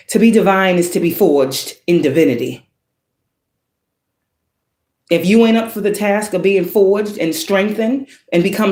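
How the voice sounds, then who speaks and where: A woman's voice: on the low side, darkish tone, roomy sound. A woman giving a spiritual tarot reading to viewers, talking in a blunt, profane, preaching way and firing off rhetorical questions. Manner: asks the listener many rhetorical questions. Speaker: spiritual reader.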